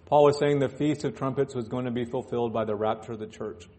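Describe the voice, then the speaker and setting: A man's voice: medium pitch, fairly even intonation, fast talker, mellow. A male pastor preaching in church, reading scripture aloud and breaking off into joking asides. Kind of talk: sermon.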